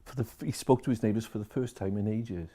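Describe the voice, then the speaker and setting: Man, care worker, lowish mellow voice, chatty storyteller who relays every exchange. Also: fast talker. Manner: chatty, retells conversations line by line. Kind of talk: storytelling to camera.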